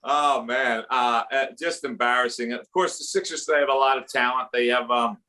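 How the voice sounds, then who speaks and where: A man with a Philadelphia accent doing a rambling, jokey comedy set at a fundraiser and dropping into quick impressions. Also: medium pitch, sharp tone.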